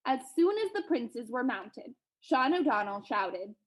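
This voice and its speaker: High-voiced woman reading a storybook. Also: big pitch swings, measured pace, few pauses, rough recording. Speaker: librarian reading aloud. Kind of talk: read-aloud storytelling.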